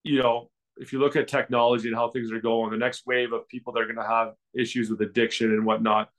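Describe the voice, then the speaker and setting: A man's voice: medium pitch, level tone, fast. A man co-hosting a podcast in casual chat, rambling along with frequent restarts and filler words. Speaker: podcast co-host.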